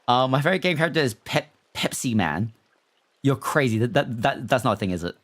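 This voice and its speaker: Speaking briskly in a mid-range, slightly bright voice, this non-American streamer is expressive as he reads out viewer messages. His livestream talk is casual and lively.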